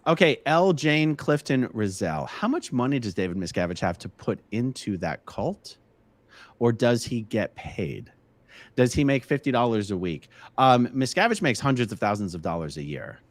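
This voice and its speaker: A man's voice: medium pitch, big pitch swings, normal speed, no room sound. A man hosting a casual live stream, chatting and answering viewer questions from the chat. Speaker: livestream host.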